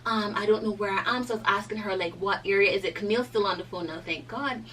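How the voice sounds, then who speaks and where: This is a young woman, chatting through a personal story with lively energy and plenty of "like" fillers. Her voice sits at a middle pitch. She is a bit distant from the mic, with a faint hum behind her. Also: quick pace. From Cayman Islands. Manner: animated, chatty, lots of "like" fillers. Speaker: vlogger. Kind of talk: casual storytime.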